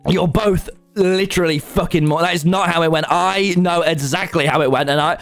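A man's voice: on the high side, moderate pace, dry recording, faint music behind. A young man, streaming and chatting while he plays, swearing often and telling stories with lots of energy. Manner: excitable, swears often, tells stories animatedly. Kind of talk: casual gaming chat.

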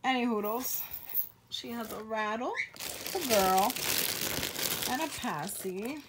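A woman's voice: a little high, lively intonation, slow pace, very noisy. A woman vlogger in casual unboxing chat at home, gushing and exclaiming often, trailing off mid-sentence. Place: home with a pet bird.

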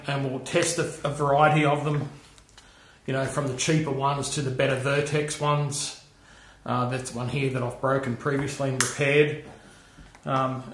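Casual shop-demo host: a man of middle pitch, chatty and relaxed, echoey room sound. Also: slight background noise. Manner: chatty, checks in with okay and all right. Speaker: machinist showing tools. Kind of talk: casual workshop demonstration. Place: home workshop.

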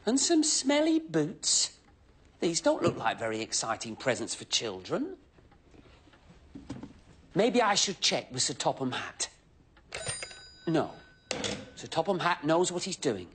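A cheerful, eager-to-please station helper, chattering to himself as he potters about. His voice leaps around with lively, sing-song ups and downs. He stays very polite and scripted, in the manner of children's television. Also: fairly high pitch, takes it slowly, pauses often, a little hiss or hum, heavily acted. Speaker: children's show presenter.

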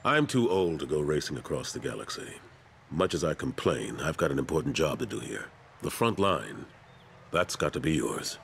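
A weary older soldier turned councilor, speaking with a very deep, steady voice. He sounds calm and earnest, the worn-down veteran of a video game. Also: moderate pace, slight background noise, heavily acted.

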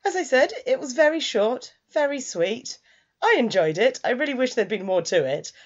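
A woman casually recapping and reviewing an anime, chatty, with quick asides. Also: lowish voice. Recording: dull lo-fi sound.

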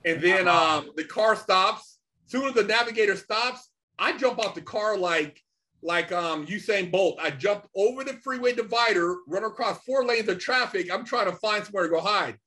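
High-voiced man telling a street story. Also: bright, forceful tone. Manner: slangy, loose, full of "man" and "you know". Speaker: podcast guest. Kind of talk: casual storytelling.

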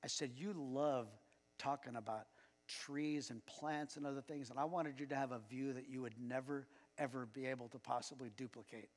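A man's voice: mid-range voice, steady tone, normal speed. A man preaching a sermon as pastor. He speaks conversationally and chuckles as he tells personal anecdotes. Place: church sanctuary. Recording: long church reverb.

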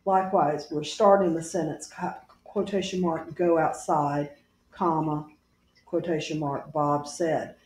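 A woman teacher giving a recorded grammar lesson to her class, patient and deliberate, spelling out each punctuation mark aloud. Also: sits low, steady tone, a little mellow, reverberant.

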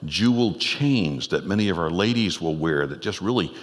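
Low-voiced guy preaching a sermon, chatty and earnest, echo of a big church hall. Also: animated, normal speed. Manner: earnest, conversational preaching with rhetorical questions. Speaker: pastor. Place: church sanctuary. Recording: long church hall reverb.

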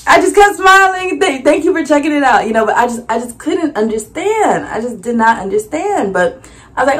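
A young woman vlogger casually recounting her vendor experience, acting out conversations with animated voices and frequent laughter. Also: brisk. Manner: animated, acts out dialogue with big pitch jumps and laughs. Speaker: vlogger and small business owner. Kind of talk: casual storytelling recap.

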